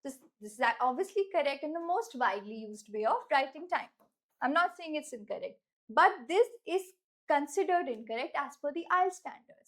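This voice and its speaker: High-pitched Indian English teacher. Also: female voice, fairly bright tone. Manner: clear, deliberate, slows down to stress key words. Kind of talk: instructional lesson.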